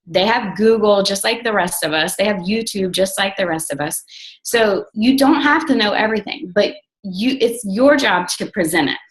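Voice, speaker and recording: A young adult woman leading a team call as a coach, talking in a blunt, excitable, casual way with lots of "like" and some swearing. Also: mid-range voice, normal speed, rough recording.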